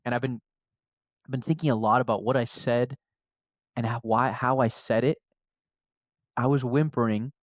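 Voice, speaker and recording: Slangy, animated podcast co-host man. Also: medium pitch, moderate pace, pauses often, dry recording. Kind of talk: casual chat.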